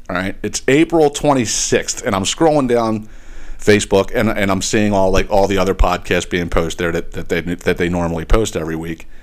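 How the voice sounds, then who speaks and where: A man hosting a podcast, telling a long casual rant about a business letting him down, animated and profane, restarting phrases often. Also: lowish voice. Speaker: podcast host.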